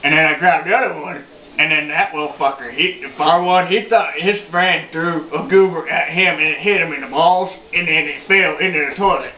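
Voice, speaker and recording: A man's voice: on the high side, brisk, natural voice. A man playing a foul-mouthed, boastful old redneck in his sixties, telling a rambling, profane story as a comedy monologue. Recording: roomy, dull lo-fi home video.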